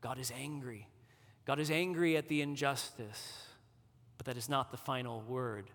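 A man preaching a sermon, slow and deliberate, building to emphasis as he speaks in a church. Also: mid-range voice, fairly bright tone. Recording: long reverb of a large hall.

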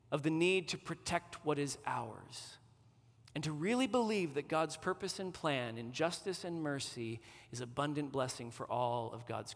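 A man preaching a sermon, slow and deliberate, building to emphasis as he speaks in a church. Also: fairly high pitch, fairly bright tone. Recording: long reverb of a large hall.

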